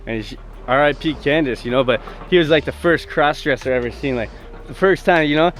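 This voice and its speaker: A man's voice: fairly high pitch, brisk, faint music behind. A man telling stories in a casual, rambling, profane way full of fillers, recorded outdoors by the sea. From Hamilton, Ontario, Canada. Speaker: vlogger. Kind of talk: casual storytelling.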